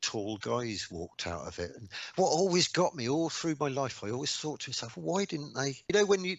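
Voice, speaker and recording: A man in his sixties from England, a radio guest recounting old memories casually, with lots of ums and mounting excitement. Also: medium pitch, fairly quick, dry recording, highs cut off. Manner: animated anecdotes, rising excitement, frequent ums. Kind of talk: casual storytelling interview.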